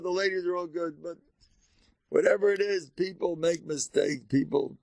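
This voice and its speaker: Delivering a casual Torah lecture, this older rabbi speaks American Orthodox Jewish English with animated emphasis, leaping between high exclamations and quiet asides. The voice is gravelly and husky, recorded without any room sound.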